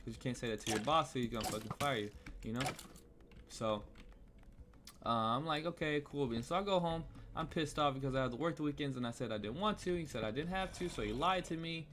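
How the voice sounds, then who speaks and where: A young American man vlogs a fiery, rambling, expletive-heavy story as he games, speaking fairly quickly in a mid-range, slightly bright voice. There's a little hiss or hum, plus faint cello music.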